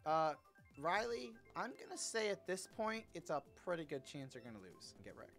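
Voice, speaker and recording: A man streaming a racing game in casual chat, excitable and teasing, with loud sudden exclamations. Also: on the high side, moderate pace, soft background music. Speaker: gaming streamer.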